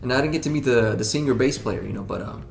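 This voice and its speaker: Chatting informally in an interview, a male rock band member rambles, restarting and filling gaps with fillers. He speaks quickly in a mid-range voice marked by vocal fry, with a roomy sound and background music.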